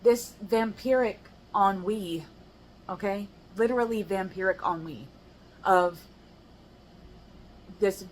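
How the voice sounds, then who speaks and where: A woman's voice: medium pitch, slight background noise, low-quality recording. An American woman poet reading her rhyming poems aloud, with casual, chatty asides between them. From United States. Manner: measured rhyming recitation broken by chatty, laughing asides. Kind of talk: poetry reading with casual commentary.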